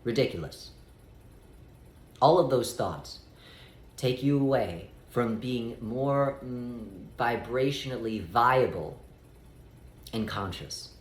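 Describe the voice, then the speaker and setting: A man of middle pitch who gives calm spiritual guidance and speaks as "we" throughout. He talks in a measured way and slows down to stretch out key phrases. His voice rings a little in a room with noticeable echo. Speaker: spiritual teacher.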